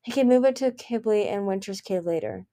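A woman's voice: expressive, warm tone. A woman reading a novel chapter aloud, lifting her voice for the characters' lines. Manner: reads briskly, raising pitch and volume for dialogue. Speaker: fan reader of a novel.

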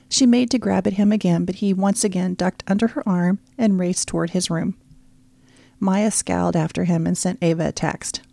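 A woman reading a story aloud as the narrator, in a steady, even storytelling manner. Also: lowish voice, moderate pace, gravelly, no room sound. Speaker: audiobook narrator. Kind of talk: scripted narration.

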